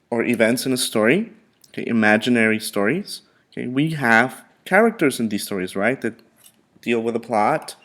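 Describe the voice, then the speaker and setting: Man, teacher, vocabulary lesson, slow repetitive drilling, keeps saying okay. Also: medium pitch.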